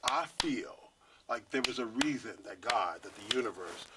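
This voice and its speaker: A man in his fifties from Washington, D.C., telling stories in an interview with animated energy. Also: medium pitch, normal speed, noisy background. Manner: lively storyteller, acts out quoted voices. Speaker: guest artist.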